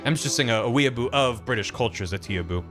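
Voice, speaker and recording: A man streaming a game, making quick jokes and asides about what happens on screen. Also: mid-range voice, expressive, fairly bright tone, soft background music. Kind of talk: casual game commentary.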